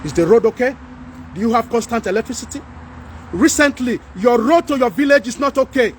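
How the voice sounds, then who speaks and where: A Nigerian-accented man hosts a casual livestream, chatting with viewers and reading their comments out in an animated, pleading manner, slipping into Pidgin at times. His voice is very high and brisk, with a slight hiss or hum in the background.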